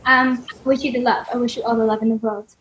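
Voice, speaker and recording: A woman with a high, bright-pitched voice talks effusively over a video call. She gushes and gets emotional easily, chatting casually as a musician guest. The sound is that of a home call mic. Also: little pitch movement, quick pace, a little hiss or hum, rough recording. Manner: effusive and gushing, often emotional.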